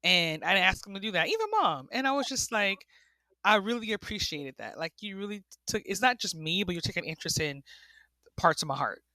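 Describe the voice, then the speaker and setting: Bright-voiced woman telling a story. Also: mid-range voice, brisk, no room sound. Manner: animated storyteller, acts out quotes, laughs often. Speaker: podcast guest. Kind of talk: casual storytelling chat.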